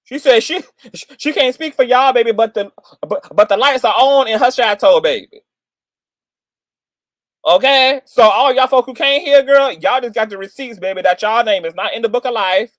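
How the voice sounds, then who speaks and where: A man's voice: extremely high pitch, normal speed, dry recording. A man hosting livestream commentary in a sassy, theatrical way, peppered with "girl" and "child". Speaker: commentary channel host.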